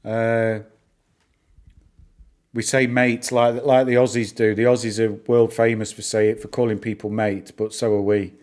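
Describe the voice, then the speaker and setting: A man's voice: lowish voice, little pitch movement, a little slow, a little mellow. A middle-aged man from northern England with a northern English accent, chatting casually with viewers on a live stream, rambling and full of fillers. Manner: chatty, rambling, answers chat, lots of fillers. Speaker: livestream host.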